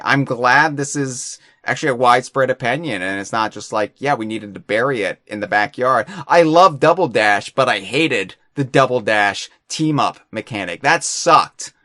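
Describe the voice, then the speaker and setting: A man's voice: medium pitch, sharp tone, no room sound, studio quality. A man hosting a podcast in casual chat, rambling and self-deprecating, often stumbling over his words. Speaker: podcast host.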